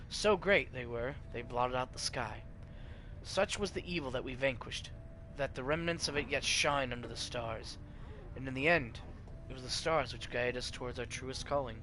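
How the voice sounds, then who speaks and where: A male streamer reading game text aloud in a stately, measured narrating manner, over game music. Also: mid-range voice, a bit bright, a little hiss or hum, poor audio.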